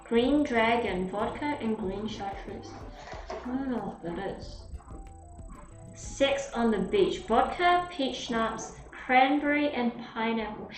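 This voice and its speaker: A woman's voice: fairly high pitch, animated, takes it slowly, distant mic. Chatty young woman, roomy and off-mic. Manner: chatty and rambling, reading drinks aloud to chat. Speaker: livestreamer. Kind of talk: casual live-stream chat. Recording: roomy echo, off-mic, faint music.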